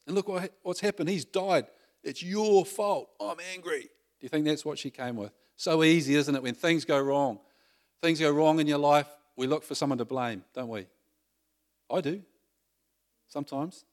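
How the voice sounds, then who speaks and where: Conversational man preaching a sermon. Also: mid-range voice. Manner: conversational, asks the congregation questions.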